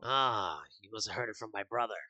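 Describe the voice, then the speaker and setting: A very old, wrinkly alien shopkeeper who drawls casually about his little pawn shop, as a man puts him on. The voice is bright and sits right on a dry mic. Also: on the low side, a little fast, no room sound.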